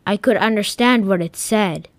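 A woman narrating a playful first-person story as a Martian visitor, dramatic and lively. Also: medium pitch, moderate pace, dry recording.

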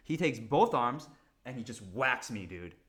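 Casting note: middle-aged male co-host, animated storyteller, pitch swinging widely, quick laughs. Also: slightly rough. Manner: animated storyteller, laughs often, acts out quotes. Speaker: podcast co-host. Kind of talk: casual chat.

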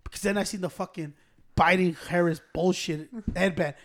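A young man telling a story in casual chat with friends, profane and animated, breaking into laughs. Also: sits high, moderate pace, slight background noise. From Hispanic American.

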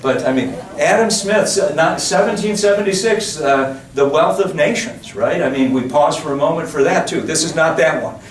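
A man's voice: on the high side, normal speed, few pauses. A man giving a public lecture in a digressive, chatty way, full of asides and restarts. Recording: roomy echo, distant mic, faint hiss.

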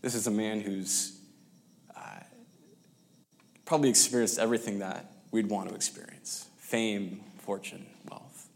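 A man's voice: fairly low pitch, fairly even intonation, gravelly, a little mellow. Man preaching a story-driven sermon. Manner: storytelling, with pauses and restarts, dropping to near-whispers.

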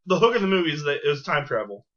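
A man's voice: a little high, sing-song, very fast, a bit bright, dull audio. A man co-hosting a casual movie podcast, arguing bluntly and repeating his points. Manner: argumentative, blunt, repeats himself. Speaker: podcast co-host. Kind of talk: casual movie-review chat.

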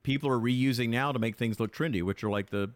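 A man's voice: mid-range voice, fast talker, dry recording. A man speaking as a podcast guest in casual chat, enthusiastic and talkative, often restarting his sentences. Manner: chatty, enthusiastic, with frequent restarts.

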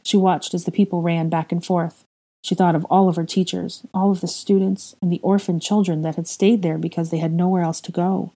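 A woman reading a story aloud, narrating calmly and lifting her voice sharply when characters cry out. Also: lowish voice, brisk. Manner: emotional, raises voice sharply for dialogue. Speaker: fan fiction reader.

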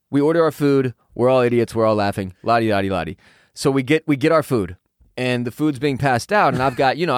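Animated storytelling man, dry sound. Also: mid-range voice, no echo. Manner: animated, profane, laughing while telling a story. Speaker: podcast co-host. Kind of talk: casual storytelling chat.

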